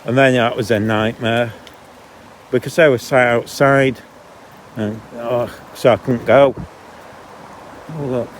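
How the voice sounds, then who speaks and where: A man's voice: mid-range voice, fairly even intonation, takes it slowly, pauses often, a little hiss or hum. Grumbling man on a dog walk. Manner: chatty, grumbling, breaks off mid-sentence. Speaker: vlogger. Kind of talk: casual walking vlog monologue. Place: outdoors on a canal towpath.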